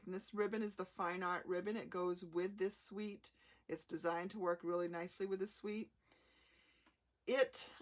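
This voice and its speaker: A woman hosting a live card-making demonstration, explaining each step in a chatty, unhurried way. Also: mid-range voice. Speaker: craft demonstrator.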